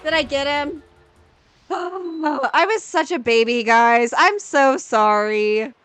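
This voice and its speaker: A woman's voice: sits high, slow pace, fairly bright tone, no echo, soft background music. A woman in her thirties streaming a video game, chatting casually with viewers and playfully exasperated. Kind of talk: casual gameplay chat with viewers.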